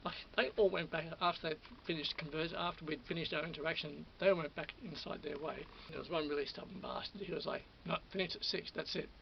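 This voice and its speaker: Worked-up man, slightly high gravelly voice, telling a rambling story with lots of repeats; dull lo-fi recording. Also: steady tone, quick pace, hardly any pauses. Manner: repetitive, restarts often, quotes others. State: worked up, still on adrenaline. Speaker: vlogger. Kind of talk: rambling personal story to camera. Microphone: camera or phone mic. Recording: lo-fi audio with faint hiss.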